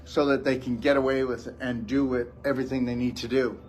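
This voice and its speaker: A man's voice: medium pitch, flat delivery, a little fast, a little mellow. A man giving a blunt, scolding motivational lecture to a live audience as a wellness show host.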